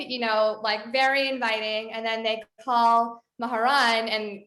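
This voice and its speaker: A woman's voice: a little high, flat delivery, measured pace, few pauses, fairly bright tone, echoey room. A woman film director telling a story in a casual interview, chatty, with many fillers. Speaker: documentary director.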